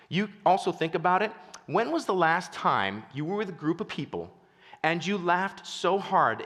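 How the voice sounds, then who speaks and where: A man telling stories in a keynote speech, goofy and animated, acting out the people in them. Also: a little high, in a large hall. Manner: animated, goofy storyteller who acts out voices. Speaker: keynote speaker.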